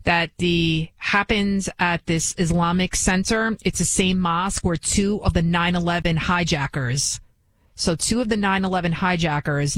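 A woman's voice: on the low side, a bit bright, dry recording, poor audio. Indignant woman commentator, dry close sound. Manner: indignant, rhetorical questions, frequent restarts. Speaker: political commentary host. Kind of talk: opinion commentary. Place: New York City.

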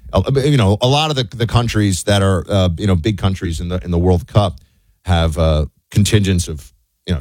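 Lively, low-voiced American host riffing casually. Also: male voice, no room sound. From United States. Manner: animated, loose, full of fillers and restarts. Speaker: show host. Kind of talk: casual commentary monologue.

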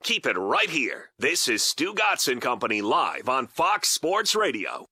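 A man's voice: medium pitch, wildly swooping pitch, a little slow, pushed and bright, husky, dry recording, studio quality. A man voicing a radio station promo in a punchy, scripted read. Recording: promo over music.

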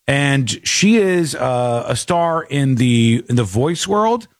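A man's voice: mid-range voice, animated, slow pace, no room sound, studio quality. A man hosting a talk show, chatting casually and rambling with frequent restarts. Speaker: show host. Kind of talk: casual commentary chat.

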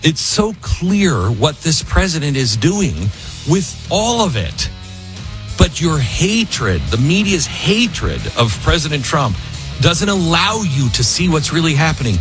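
A man's voice: a little high, sing-song, unhurried, music in the background. A man hosting a talk radio show, delivering an opinionated monologue and live ad reads, often mocking people with put-on quotes.

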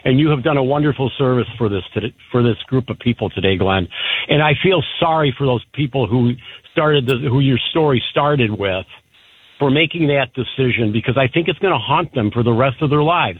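A man's voice: medium pitch, lively intonation, brisk, breathy edge. A man calling in to a radio talk show, proud and grateful as he talks about his family. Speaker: caller. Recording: tinny phone line.

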